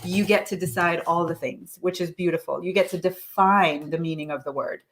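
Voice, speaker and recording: A woman leading a live online coaching session, encouraging listeners and reciting affirmations slowly and deliberately. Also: on the low side. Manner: encouraging, with frequent restarts.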